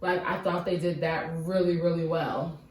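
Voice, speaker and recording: A woman's voice: lowish voice, level tone, normal speed, a little mellow, far from the mic, a little hiss or hum. A woman co-hosting a casual movie review chat, teasing her partner and laughing easily. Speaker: podcast co-host. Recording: roomy, mic set back.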